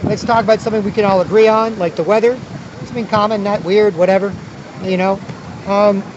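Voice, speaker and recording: A man's voice: sits high, fairly even intonation, a little fast, dull audio, heavy background noise. A man vlogging outdoors at a city square, talking in a rambling, repetitive way with many restarts. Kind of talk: casual outdoor monologue.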